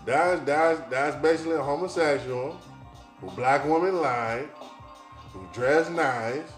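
A man's voice: fairly high pitch, unhurried, lightly acted. A man doing a mocking impression of a preachy older male talk-show scold who lectures people. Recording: roomy echo, faint music.

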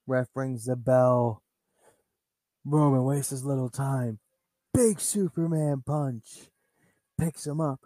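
A man hosting a podcast, narrating a toy wrestling show play by play and calling out names like a ring announcer. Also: medium pitch. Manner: announcer-style, calls wrestlers' names loudly. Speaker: podcast host.

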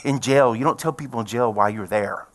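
A middle-aged man preaching a sermon, telling a personal story in a folksy way and building to loud, excited preaching. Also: mid-range voice, brisk. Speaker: pastor.

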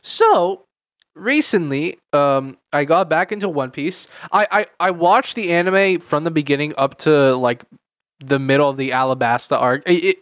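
A man's voice: fairly high pitch, fairly bright tone, no echo, studio quality. A young man in his late teens, co-hosting a casual chat podcast, rambling with lots of fillers and repeated words. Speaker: podcast co-host.

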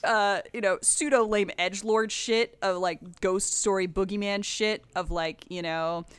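A woman co-hosting a casual podcast, breaking down game lore in an animated, profane way. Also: medium pitch, smooth, no room sound. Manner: animated, profane, quick asides. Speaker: podcast co-host.

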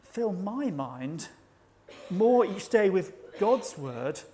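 A man preaching a sermon at a church service, measured and reflective, slowing down to stress key words. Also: high-pitched, sing-song, warm tone, a little hiss or hum. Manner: measured, reflective, slows for emphasis.

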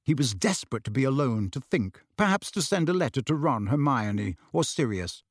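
An expressive male audiobook narrator delivers scripted narration in a storytelling style. He has a medium pitch and a moderate pace, and the studio-quality recording carries no echo.

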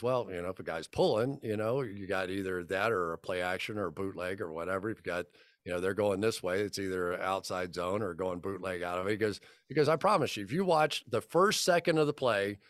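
A man's voice: fairly low pitch, a little fast, no room sound, studio quality. A man in his fifties, a football broadcaster, telling rambling anecdotes on a podcast and acting out the dialogue. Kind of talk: casual podcast storytelling.

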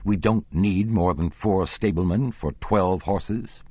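A man's voice: deep voice, takes it slowly, darkish tone, breathy edge, pitched above the performer's own voice, full character voice. A man voicing a hot-tempered opera manager who speaks brusquely and with exasperation.

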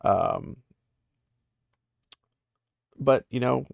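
A man's voice: medium pitch, very slow, creaky, darkish tone, dry recording, studio quality. A man casually recapping the plot of a fantasy novel, rambling and often restarting his sentences. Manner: rambling, many fillers and restarts. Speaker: book recapper.

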